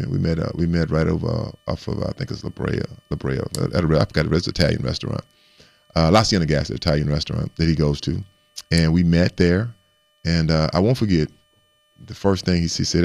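A man in a casual interview, an animated storyteller who stumbles over and repeats words as he recounts his past. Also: rumbling low, fast, creaky, no room sound. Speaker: guest recounting his playing career.

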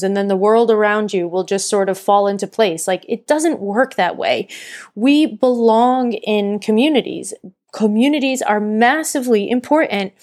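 A woman hosting her own podcast with an earnest, encouraging delivery and a middle-pitched voice. She talks straight to her listeners and now and then stops to correct herself mid-thought. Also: a little mellow. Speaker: podcast host and burnout coach. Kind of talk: casual solo podcast talk.

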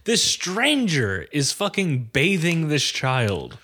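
A man's voice: fairly high pitch, wildly swooping pitch, slow pace, pushed and bright, husky. Blunt, dry-talking podcast co-host man. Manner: blunt, dry, dismissive, swears often. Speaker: podcast co-host reviewing a movie. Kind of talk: casual profane chat.

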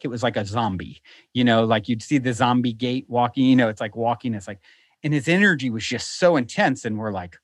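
A man who is a podcast guest, telling a story in a casual, animated, rambling way with many restarts. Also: mid-range voice, dry recording, clean studio sound. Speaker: podcast guest who hosts his own show. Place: lives in a beach town.

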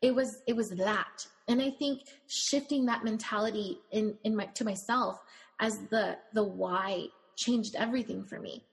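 Woman, bridal shop owner, heartfelt storyteller, mid-pitch, long reverb around her. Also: normal speed, creaky. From Latina. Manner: emotional, storytelling with quoted dialogue. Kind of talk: conversational interview.

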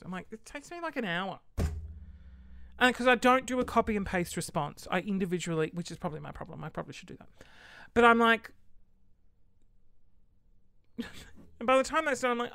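A woman's voice: mid-range voice, animated, normal speed, long pauses, fairly bright tone, dry recording. Young woman vlogging about her little shop, chatty and fed up, laughing mid-sentence, dry close sound. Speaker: small online shop owner. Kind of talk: casual chat to camera.

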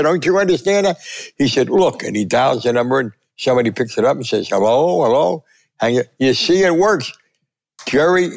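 An older man, a veteran sportswriter telling a lively story and acting out the quotes. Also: gravelly. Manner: lively, acts out quotes with big pitch jumps. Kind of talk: animated storytelling.

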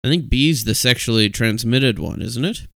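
A man co-hosting a podcast in casual chat, joking and halting with lots of fillers. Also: mid-range voice, vocal fry, a bit bright, dry recording, clean studio sound. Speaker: podcast co-host.

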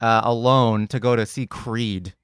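Halting man guest on a podcast. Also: mid-range voice, steady tone, clean tone, no room sound, studio quality. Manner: halting, self-deprecating storytelling. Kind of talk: casual podcast chat.

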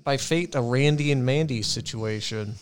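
Homme pince-sans-rire aux répliques sèches. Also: male voice, medium pitch, moderate pace. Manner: wry, deadpan joking asides. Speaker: podcast co-host. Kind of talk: casual banter.

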